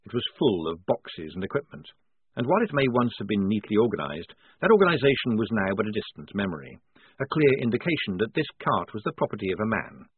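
Husky male audiobook narrator. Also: lowish voice, very animated, a little fast, dry recording. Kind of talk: scripted narration. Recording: tinny, dry, phone-like sound.

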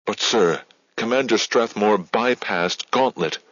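A man reading an audiobook, voicing a sharp, stubborn woman staffer who speaks in clipped, insistent bursts. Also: lowish voice, slow, no room sound, voice pushed up. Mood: pleading, insistent. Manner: clipped, insistent, stammers when pushed. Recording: dull, lo-fi dry studio.

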